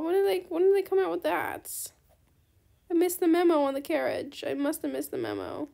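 A woman hosting a casual gaming video, chatty and excitable, politely turning down trade offers as she plays. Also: very high voice, normal speed, vocal fry. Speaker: gaming channel host. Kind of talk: casual gameplay commentary.

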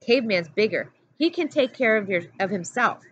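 A woman voicing a smooth-talking, persuasive teenage boy who leads a group, in a storybook read-aloud with a slightly raised pitch and a dull sound. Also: animated, normal speed, slight background noise, close to an everyday voice. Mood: snapping. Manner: glib, persuasive.

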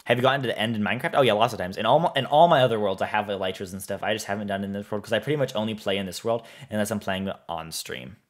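A man's voice: on the low side, rapid-fire, hardly any pauses. A man streaming a building game, reading chat aloud and answering in a rambling, easygoing way. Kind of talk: casual live-stream chat while playing.

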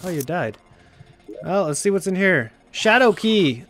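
A young man doing let's play commentary, excitable and given to shouting at enemies in frustration. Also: sits high, unhurried, slight background noise. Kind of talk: gameplay commentary.

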